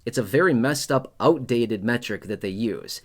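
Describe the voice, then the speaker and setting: A man with a mid-pitched voice hosts an online explainer, talking straight to his viewers about their comments. He makes his points emphatically, repeats key lines, and keeps checking in with a quick "okay?". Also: lively intonation. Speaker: YouTube host on retirement benefits. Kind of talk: direct-to-camera explainer talk.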